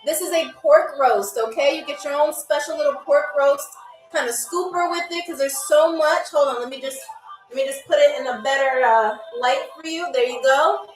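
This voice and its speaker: A woman with a high, bright voice, hosting a live game show as a playful stewardess. She chats animatedly to viewers, calling them y'all. She sits back from the mic in an echoey room, with faint music underneath. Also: normal speed, far from the mic. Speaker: host playing a flight attendant on a live game show. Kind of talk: playful live-stream role-play as stewardess.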